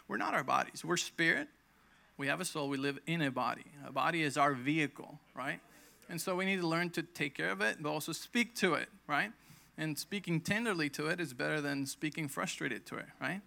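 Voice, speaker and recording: A man's voice: fairly high pitch, a little fast, gravelly, bright, forceful tone. A man in his thirties preaching a conversational sermon, telling his own healing story and acting out quoted lines with emphasis. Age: 30s. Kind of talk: sermon with personal testimony.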